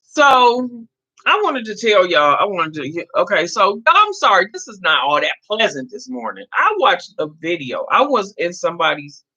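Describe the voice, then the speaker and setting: A woman in her fifties hosts a casual livestream, chatting freely and answering viewer comments by name. Her voice swings widely in pitch and has a bright, forward edge. The stream audio comes through muffled and lo-fi. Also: very animated, moderate pace. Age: 50s. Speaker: livestream host. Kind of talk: casual live chat.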